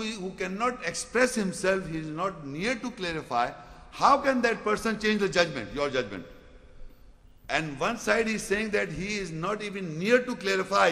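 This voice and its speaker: A man giving a Quran commentary lecture, reciting Arabic verses quickly and then explaining them in with repeated rhetorical questions. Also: high voice, gravelly, a bit bright, in a large hall. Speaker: Islamic preacher.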